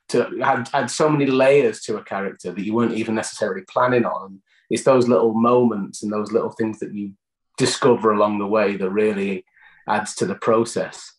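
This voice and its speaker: A man's voice: medium pitch, reverberant, low-quality recording. A British man, an actor, answering interview questions in a chatty storytelling way, often restarting phrases.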